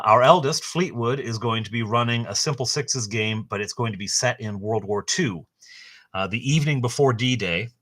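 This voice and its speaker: A middle-aged man hosting a casual book unboxing, rambling and enthusiastic, with a halting way of talking. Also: fairly low pitch, bright, forceful tone. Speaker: host.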